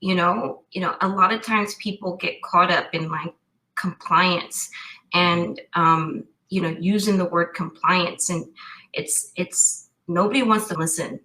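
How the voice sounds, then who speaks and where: Woman guest, cyber risk expert, bright voice, thinks aloud and restarts sentences. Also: lowish voice, steady tone, measured pace, poor audio. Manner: thoughtful, many restarts. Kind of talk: casual interview talk.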